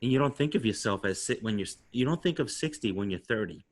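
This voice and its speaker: This podcast host, a man in his sixties with a New York accent, rambles through a casual interview and laughs easily. He speaks fast at a medium pitch, sounding animated.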